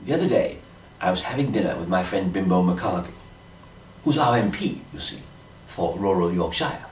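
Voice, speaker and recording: A dotty Englishman rambles through a comic monologue, his pitch leaping all over the place. He sounds set back from the mic in a roomy space, with a faint hum of ambience behind him. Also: animated, moderate pace, a little mellow, recorded from a distance. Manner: dotty, fussy posh-English rambling with many "you see"s. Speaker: comic storyteller.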